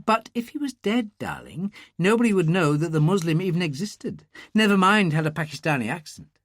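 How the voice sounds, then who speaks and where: A man's voice: high voice, a little fast, no echo, pitched above the performer's own voice. A man voicing a cool, theatrical woman. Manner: calm, dry and teasing. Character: cool, theatrical female actress and killer. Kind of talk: audiobook character reading.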